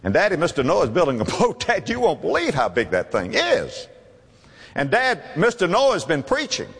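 A male preacher voicing an excited little boy who breathlessly tells his father news, with words tumbling out. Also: a little high, moderate pace, husky, long reverb tail, exaggerated voice. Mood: eager.

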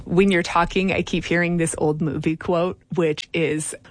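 A woman's voice: fairly low pitch, level tone, normal speed, a little hiss or hum. A woman hosting an interview, asking reflective, probing follow-up questions. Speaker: podcast host. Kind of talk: interview conversation.

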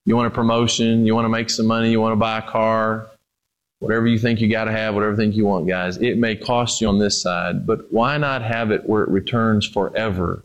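A man preaching a sermon. He talks straight to his congregation and asks them questions, rising to emphatic lines and then dropping to low, quiet ones. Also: a little fast, muffled recording. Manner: speaks to the congregation directly, with questions. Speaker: pastor.

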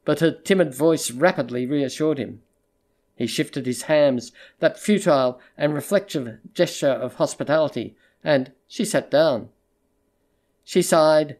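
An audiobook narrator reading a literary short story in a measured, even storytelling voice. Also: mid-range voice.

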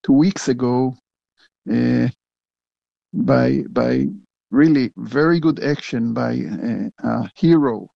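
An older man, a retired general answering interview questions in a halting way, full of fillers and restarts. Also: medium pitch, vocal fry, no room sound, lo-fi sound. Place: home in a big city.

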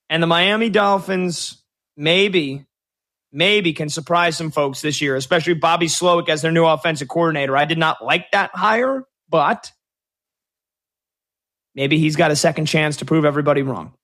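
A man hosting sports talk radio, chatty and joking, quick to slip into impressions. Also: on the high side, a bit bright.

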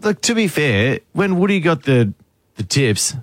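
A man's voice: on the high side, big pitch swings, measured pace, no room sound, studio quality. A man co-hosting a radio show, arguing a point playfully. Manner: playful, mock-argumentative. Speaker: radio co-host. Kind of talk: casual radio banter. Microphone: studio microphone.

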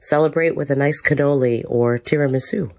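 A woman's voice: deep voice, a little fast, a little mellow. A woman calling in to a radio show, chatty and proud. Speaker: caller. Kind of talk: call-in comment.

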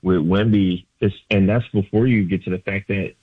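Guy calling in on a phone line, kinda low voice, dry, says like a lot. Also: steady tone, normal speed, breathy edge, dry recording. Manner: loose and emphatic, lots of filler likes. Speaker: sports writer guest. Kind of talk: casual sports radio analysis.

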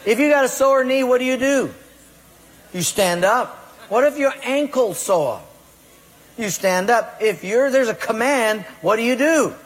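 A pastor preaching a sermon with emphatic delivery and rhetorical questions to the congregation. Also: male voice, extremely high pitch, expressive, a little slow, slight background noise. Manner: emphatic preaching, rhetorical questions, acts out excuses in quoted voices. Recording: long hall reverb.

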